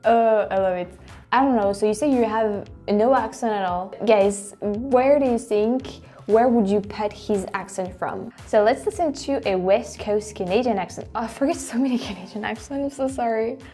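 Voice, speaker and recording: A woman's voice: on the high side, normal speed, soft background music. A woman with a French accent, a native French speaker, hosting a video and reacting effusively to clips she plays. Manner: excitable, effusive. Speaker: host. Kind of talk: casual reaction commentary.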